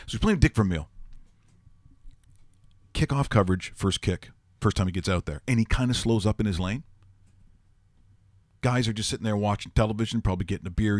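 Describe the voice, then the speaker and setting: A man hosting a sports talk show, telling stories in a rambling, animated way and laughing often. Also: on the low side, fast talker, long pauses, dry recording. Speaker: host.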